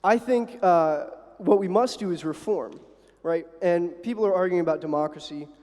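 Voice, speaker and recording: A man's voice: high-pitched, warm tone. Filler-heavy man in an echoing hall. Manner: halting, many fillers, tags "right?". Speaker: student debate speaker. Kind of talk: debate floor speech. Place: university hall. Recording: long hall reverb.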